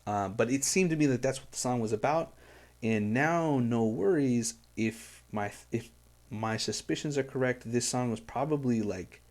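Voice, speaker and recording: Hosting a music reaction video, a man talks in a medium-pitched, slightly mellow voice. His casual commentary is earnest and rambling, packed with fillers and restarts.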